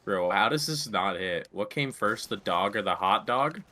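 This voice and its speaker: A young man hosting a gaming video, joking excitedly in casual voice-chat banter. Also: on the low side, moderate pace, a loud crowd.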